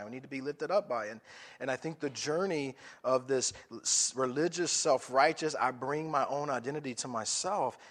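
A man's voice: mid-range voice, a bit bright. A male pastor delivering a sermon in a mid-range voice. He talks emphatically, throws rhetorical questions at his listeners and often stumbles and restarts mid-phrase.

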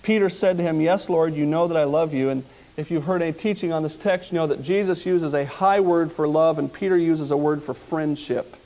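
High-voiced man preaching a lively sermon. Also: brisk. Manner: animated storytelling, voicing the people of the story with swings from loud to hushed.

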